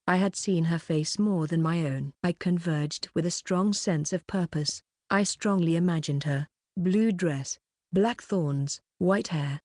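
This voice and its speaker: A woman with a fairly low voice reads a novel aloud in the first person, steady and even. The sound is dry and close, with no room echo. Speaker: audiobook narrator.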